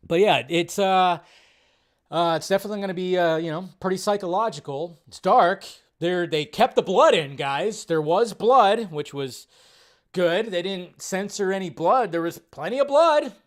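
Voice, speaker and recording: A man hosting a casual film-commentary livestream, animated and reacting loudly, with some swearing. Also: high-pitched, a little fast. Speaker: livestream host.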